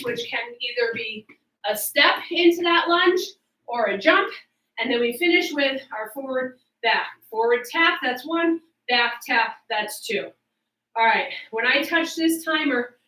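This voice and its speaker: Bright-voiced woman fitness coach, out of breath. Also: high voice, echoey room, recorded from a distance, low-quality recording. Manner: upbeat, coaching while exercising. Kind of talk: workout instruction. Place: home workout space with fan.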